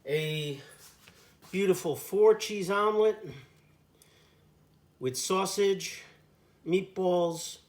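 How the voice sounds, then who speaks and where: A man's voice: high-pitched, very slow, pauses often. A man cooking at his home stove and talking to the camera in a casual demo, in a jokey put-on Italian accent. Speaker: home cook.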